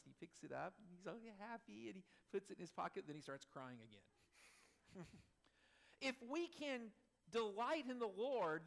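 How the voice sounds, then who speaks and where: A middle-aged man preaching a sermon as pastor, animated, swinging between loud emphasis and soft asides with chuckles. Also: high voice, gravelly.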